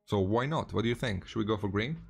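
A man hosting a casual live stream while painting miniatures, greeting viewers by name in a relaxed way with frequent restarts. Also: fairly low pitch, quick pace, vocal fry, breathy edge, soft background music.

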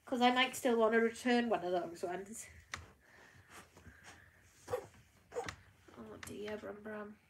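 A British woman filming a casual vlog at home, talking to her dogs in soothing baby talk that often drops to a hush. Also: medium pitch, normal speed, few pauses, background noise. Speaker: dog breeder filming her dog's labour. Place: at home indoors.

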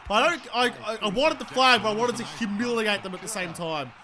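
A young Australian man giving excitable, sweary live commentary on a football video game, swinging between mutters and shouts. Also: sits high, a little fast. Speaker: gaming commentator. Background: crowd noise from the game.

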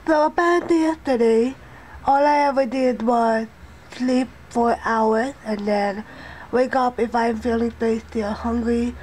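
A young woman with the flu vlogging from home, rambling and halting, her voice nasal and congested. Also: darkish tone, slight background noise, poor audio. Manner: rambling, halting, low-energy. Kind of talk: casual rambling vlog.

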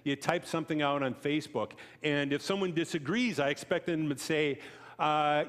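A man giving a conversational sermon, telling stories with asides to the congregation and acting out quoted voices. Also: normal speed. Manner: storytelling, chatty asides to the congregation; acts out quoted voices with sharp pitch jumps. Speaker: preacher. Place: church sanctuary. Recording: long reverb of a church hall.

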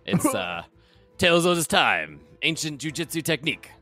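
A man's voice: on the high side, sing-song, normal speed, bright, forceful tone, no room sound, faint music behind, pitched above the performer's own voice, full character voice. A man voicing a burly, boastful male wrestler teddy who calls everyone brother.

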